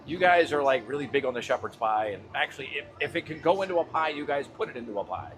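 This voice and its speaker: A man's voice: medium pitch, lively intonation, fast talker, noisy background. A man hosting a livestream from his truck cab, talking loosely with his chat and swearing casually as he drives.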